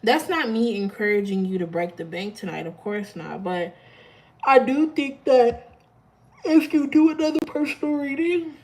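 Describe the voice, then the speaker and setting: A woman's voice: a little high, lively intonation, normal speed, a little mellow, low-quality recording. A woman hosting a live tarot stream, chatting casually with her viewers and laughing often.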